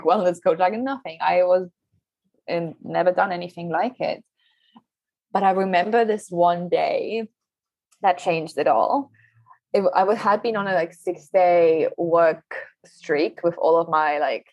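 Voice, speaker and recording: A woman's voice: fairly low pitch, darkish tone, dry recording. A young woman, a yoga teacher and wellness coach, telling her story as a podcast guest with lots of "like" fillers. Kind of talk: casual podcast interview. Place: Revelstoke, Canada.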